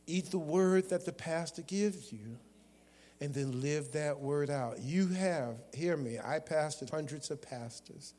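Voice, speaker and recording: A man preaching a sermon as a guest preacher, calling out to the congregation and shouting at times. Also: fairly high pitch, a little slow. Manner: call-and-response preaching with bursts of shouting. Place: church sanctuary. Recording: long hall reverb.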